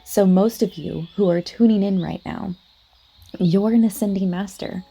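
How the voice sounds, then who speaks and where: A woman's voice: medium pitch, normal speed, dark tone, husky. A woman hosting a spiritual podcast in a casual, chatty monologue, talking straight to her listeners with lots of "like" and "you know what I mean". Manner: earnest, addresses listeners directly.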